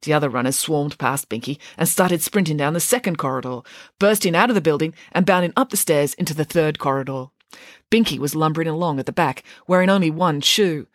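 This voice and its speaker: A woman narrating a children's storybook in an expressive, lively way. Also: deep voice, fairly quick, dry recording, studio quality. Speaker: audiobook narrator.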